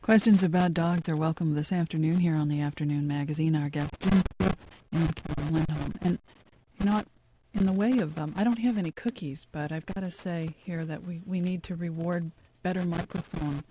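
A woman hosts an afternoon call-in show and introduces callers. She sounds relaxed and jokes easily. Noise is clearly heard behind her voice. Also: sits low, a little fast. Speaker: radio host. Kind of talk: radio call-in hosting. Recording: noisy radio studio.

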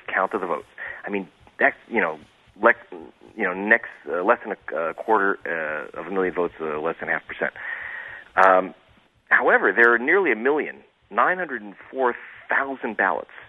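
Sarcastic deep-voiced man on a phone line. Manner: sarcastic, digressive, many restarts. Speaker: investigative reporter guest. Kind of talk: phone-in radio interview.

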